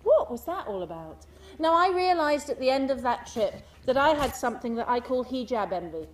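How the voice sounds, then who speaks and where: A woman giving a speech to an audience, animated and full of rhetorical questions, mimicking the people in her stories. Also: sits high, a little fast, far from the mic, slight background noise. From United Kingdom. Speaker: speaker giving a talk.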